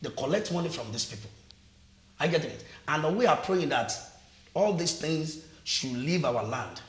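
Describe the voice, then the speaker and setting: Nigerian man on a tv panel, bit high voice, keeps repeating himself, roomy echo. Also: lively intonation, normal speed. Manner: emphatic, repeats phrases, restarts often. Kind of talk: TV panel discussion. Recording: echoey studio.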